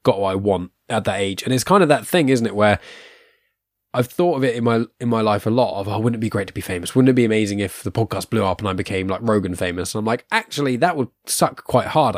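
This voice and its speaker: A man's voice: mid-range voice, dry recording, studio quality. A young man hosting a podcast, chatting casually with a rambling, self-deprecating manner, full of fillers and restarts. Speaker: podcast host.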